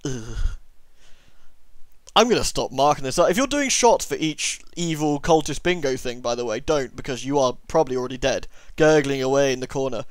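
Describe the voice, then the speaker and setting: A man's voice: medium pitch, lively intonation, fairly quick, dry recording. Young man joking through a game. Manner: sarcastic, joking asides. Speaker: let's play host. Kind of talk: casual gameplay commentary.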